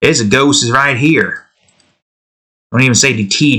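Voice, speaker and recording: A mid-range, bright voice with a forceful tone and a measured pace comes from a man drawing on his own channel's stream. He chats casually to himself throughout, rambling, thinking aloud and letting sentences trail off.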